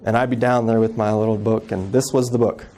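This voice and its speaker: A man in his thirties giving an earnest personal storytelling talk as a guest speaker, acting out family members' words softly. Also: fairly low pitch, flat delivery, brisk. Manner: earnest, acts out quoted family voices softly.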